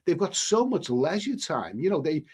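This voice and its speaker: A smug elderly royal man brushes off complaints in an offhand way, as a man quotes him. The tone stays dismissive and unhurried. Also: a little high, very animated, darkish tone, slightly rough.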